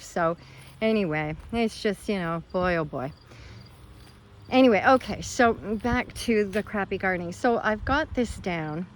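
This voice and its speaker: A woman talks in a loose, rambling way, circling back on herself with plenty of fillers and self-deprecating asides. Her voice sits at an ordinary middle pitch. She is outdoors in a garden, with crickets and insects faintly audible behind her. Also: a little hiss or hum. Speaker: gardening vlogger. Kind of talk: casual rambling vlog talk.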